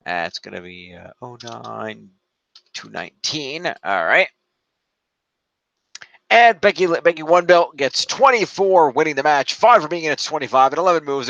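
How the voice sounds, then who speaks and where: A man co-hosts a casual podcast, rambling through recaps and tallying points aloud. His pitch moves around a lot as he talks. He is recorded on a dull, lo-fi microphone with a dry sound. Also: fairly bright tone, no echo. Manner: rambling, counts points aloud, trails off while looking things up. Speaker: podcast co-host scoring a fantasy league. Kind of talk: casual chat.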